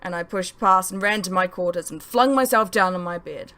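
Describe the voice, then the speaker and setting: A woman author narrating her novel in the first person, expressive and story-driven. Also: fairly low pitch, fairly quick. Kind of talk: audiobook narration.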